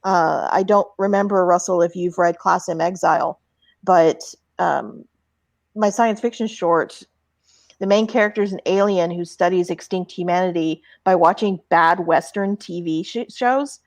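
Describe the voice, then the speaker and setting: A woman's voice: fairly low pitch, unhurried, dry recording. A woman from Texas speaking as an author on a live panel, explaining with confidence.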